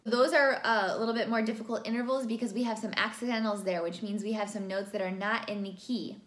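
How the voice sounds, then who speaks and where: A woman teaching a singing lesson, explaining vowels clearly and demonstrating them by singing. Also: on the high side, fairly even intonation, fast talker. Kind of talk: vocal lesson with sung examples. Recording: roomy sound with faint music behind.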